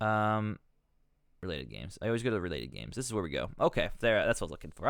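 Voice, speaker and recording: A man's voice: low voice, very animated, fast talker, vocal fry, fairly bright tone, no room sound, studio quality. A man streaming live, swearing and ranting with exasperation, rambling and cutting himself off as he talks. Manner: rambling, self-interrupting.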